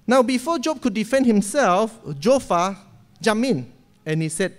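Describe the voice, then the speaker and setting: Animated high-voiced preacher. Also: male voice, moderate pace. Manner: animated retelling with frequent "okay?" checks. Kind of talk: sermon. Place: church pulpit.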